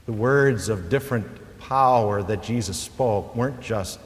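A male pastor preaching a sermon, swelling loud at high points and dropping soft and low for emphasis. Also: unhurried. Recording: long reverb of a large hall.

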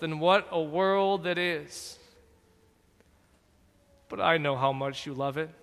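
A man's voice: a little high, pushed and bright, big-room sound. A man voicing a scheming, mocking male serpent who tempts with a wheedling, taunting manner.

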